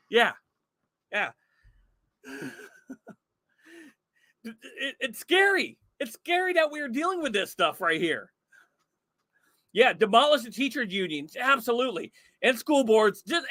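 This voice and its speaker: Brief: male stream host, very high and sharp voice, exclaiming and incredulous, laughs a lot. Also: no echo, studio quality. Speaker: livestream host. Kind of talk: livestream commentary.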